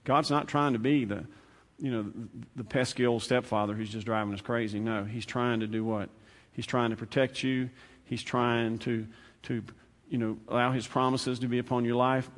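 A male preacher giving a sermon, conversational and repetitive, swinging from loud, fast bursts to hushed, slow lines. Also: mid-range voice. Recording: long hall reverb.

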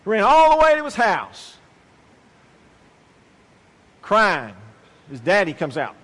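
High-voiced preacher in a reverberant hall. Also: male voice, sing-song, unhurried, pauses often, a bit bright. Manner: emphatic, storytelling with acted quotes, repeats phrases. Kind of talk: sermon with personal story.

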